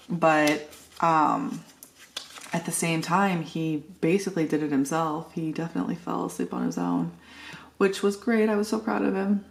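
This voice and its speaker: A woman's voice: low voice, creaky, slight background noise. A middle-aged woman vlogging in a casual, rambling way, telling a family story with lots of filler words. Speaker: planner vlogger. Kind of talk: casual chat.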